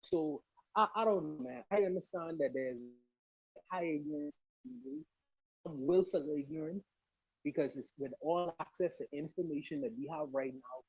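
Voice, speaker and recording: A fairly high-voiced man with a mellow, husky tone argues with passion on a podcast livestream. He laughs often and drives his points home with emphasis. His remote mic sounds dull and dry. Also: moderate pace, no room sound. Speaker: podcast panelist. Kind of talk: casual livestream discussion. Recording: muffled, low-volume remote mic.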